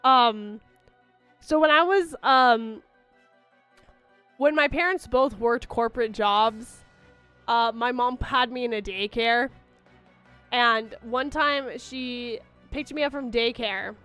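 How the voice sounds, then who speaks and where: Young woman streamer rambling to chat, high voice, lots of ums, faint music behind. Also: slow, long pauses, a bit bright, clean tone. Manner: chatty, rambling, many fillers and restarts; baby-talk to her dog. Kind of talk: casual chat with viewers.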